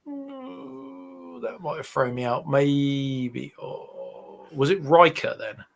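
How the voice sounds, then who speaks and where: A man's voice: a little high, animated, slow, creaky. A man co-hosting a casual podcast, making hesitant, unsure guesses. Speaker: podcast co-host. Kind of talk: casual chat.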